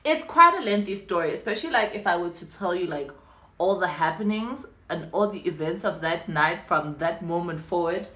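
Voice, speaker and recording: A young woman with a South African accent tells a long story in a chatty, animated way. Her voice is bright and swings widely in pitch. The recording has an echoey room sound. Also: moderate pace. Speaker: vlogger. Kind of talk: storytime vlog.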